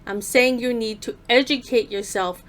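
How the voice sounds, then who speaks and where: Woman, sarcastic voice-over commentary, scolding, bright tense voice, fairly high. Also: steady tone, normal speed.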